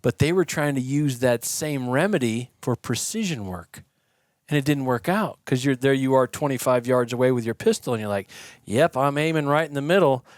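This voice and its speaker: Man, podcast guest, mid-range voice, animated explainer, casual, dry close recording. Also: medium pitch, moderate pace, no echo. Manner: animated storyteller, acts out quoted yelling. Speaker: podcast guest, shooting instructor. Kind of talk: conversational explaining. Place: podcast studio.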